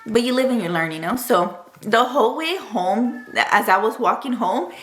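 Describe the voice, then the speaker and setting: A woman's voice: on the high side, lively intonation, moderate pace, a bit bright, a little hiss or hum. A young woman casually telling a personal story to camera, chatty and emotional, full of "like" and "dude". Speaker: vlogger. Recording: roomy echo.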